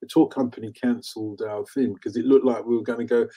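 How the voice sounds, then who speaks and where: Mellow-voiced man telling lively stories. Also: medium pitch, fast talker. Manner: animated storyteller, laughs easily. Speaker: host. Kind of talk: casual chat.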